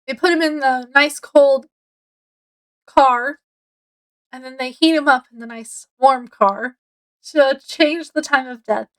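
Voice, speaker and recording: A woman's voice: high voice, fairly even intonation, slow pace, pauses often, low-quality recording. A woman giving a casual, chatty book review, rambling a bit with fillers as she retells the plot.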